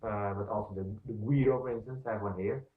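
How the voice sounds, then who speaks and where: A man's voice: fairly low pitch, fast. A man teaching percussion, explaining step by step with many fillers and counting beats aloud. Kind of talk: instructional demonstration. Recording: echoey room, distant mic, thin phone-like sound.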